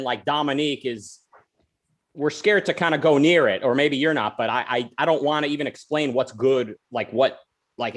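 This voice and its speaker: A man's voice: mid-range voice, a bit bright. A man hosting a podcast, talking in a chatty, rambling way full of restarts and side tangents. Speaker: podcast host. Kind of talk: casual podcast chat.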